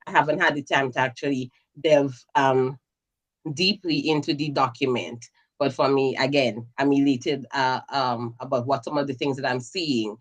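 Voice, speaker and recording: Woman from Grenada, caller, earnest, measured delivery with fillers. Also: very deep voice, steady tone. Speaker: caller commenting on the budget. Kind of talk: casual call-in commentary.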